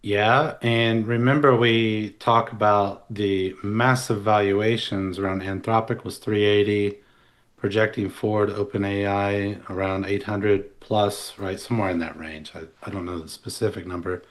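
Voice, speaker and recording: A man with a fairly low voice co-hosts a podcast. He talks in a loose, rambling way, circling back with restarts and side stories. The tone is casual analytical chat. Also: fairly even intonation, unhurried. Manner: talkative, rambling with restarts and asides. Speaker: podcast co-host.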